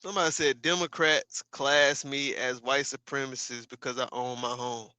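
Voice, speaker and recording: A man's voice: mid-range voice, steady tone, normal speed, sharp tone, clear, resonant tone, dry recording. A man giving casual livestream commentary, ranting emphatically and profanely with repeated asides to his viewers.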